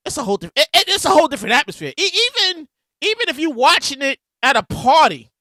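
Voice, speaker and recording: A man hosting his podcast, telling stories in a loud, animated casual monologue. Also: very high voice, fast talker, no room sound, studio quality. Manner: animated, loud storytelling with bursts of shouting. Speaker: podcast host. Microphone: podcast mic with a soundboard.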